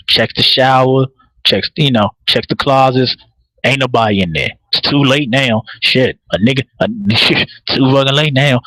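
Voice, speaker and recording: A man's voice: mid-range voice, no room sound, low-quality recording. A man hosting a live podcast, recapping a TV episode in casual, profane storytelling, repeating words as he builds each point. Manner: animated, repeats words while building a point, laughs often.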